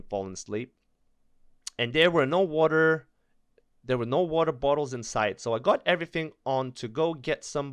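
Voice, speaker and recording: Casting note: male reader, mid-range pitch, jittery and joking, trips over words, close dry recording. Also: fairly bright tone, smooth, no echo. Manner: nervous, stumbling reader who laughs and breaks in with asides. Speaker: storyteller reading online stories. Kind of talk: reading aloud with joking commentary.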